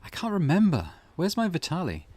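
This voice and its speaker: A fretful young village wife with a heavy Eastern European accent, as a man puts her on, her voice pushed well above his own and pleading. The pitch swings widely, and the delivery is a little louder than his usual talk. She scolds and insists like someone at the end of her rope in a retro mystery game. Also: wildly swooping pitch, fairly quick, dry recording, heavily acted. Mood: dreamy worry. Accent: put-on Eastern European. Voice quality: high pleading put-on voice.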